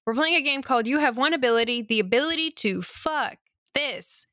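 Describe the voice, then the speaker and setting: A woman's voice: high-pitched, expressive, brisk, pushed and bright, no room sound, studio quality. A woman co-hosting a radio game show who explains tabletop game rules in upbeat casual chat, swearing freely. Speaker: co-host and game runner.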